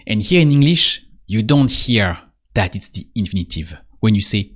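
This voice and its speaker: A man teaching as a language teacher, leading a slow drill and repeating example phrases with care. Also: fairly low pitch, expressive. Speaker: French teacher. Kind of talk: paced language drill lesson.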